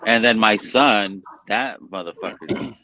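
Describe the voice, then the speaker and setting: A man's voice: fairly low pitch, unhurried, pushed and bright. A man hosting a casual live stream chat, telling blunt stories full of profanity.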